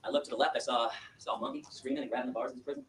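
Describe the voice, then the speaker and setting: A man from Michigan giving an impassioned speech to an audience and taking questions, telling his story in a fast, emphatic, animated way. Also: medium pitch. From Michigan, USA. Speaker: activist lecturer. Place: lecture room with audience. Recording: echoey room, distant mic, faint hiss.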